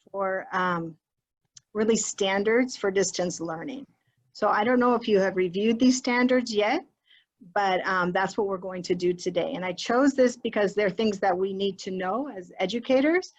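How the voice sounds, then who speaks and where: Chatty woman teacher on a video call. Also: medium pitch. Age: adult with a child. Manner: chatty, encouraging, switches between English and Spanish phrases. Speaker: teacher leading a training for educators. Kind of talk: online teacher workshop. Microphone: computer mic on a video call.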